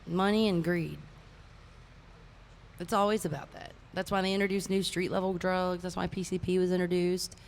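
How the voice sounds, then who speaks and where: A woman's voice: fairly low pitch, normal speed, gravelly, slight background noise. A woman talking casually and animatedly outdoors, laughing often between stories. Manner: animated, laughing, chanting cheers. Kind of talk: casual chat.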